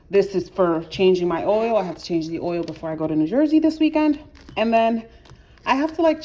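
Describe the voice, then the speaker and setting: Chatty woman, slightly wheezy, lowish voice. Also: dark tone. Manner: chatty, frequent filler "like", self-correcting restarts. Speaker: budgeting vlogger. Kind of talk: casual budgeting walkthrough.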